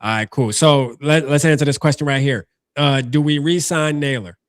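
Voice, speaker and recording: A man hosting a casual sports podcast, animated and quick to give shout-outs, often repeating himself. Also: fairly high pitch, dry recording, studio quality. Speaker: podcast host.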